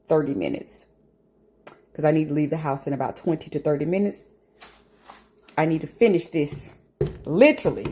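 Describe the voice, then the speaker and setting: Woman vlogger, casual home talk, emphatic rants, very expressive pitch. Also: vocal fry. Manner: animated, emphatic, ranting then laughing.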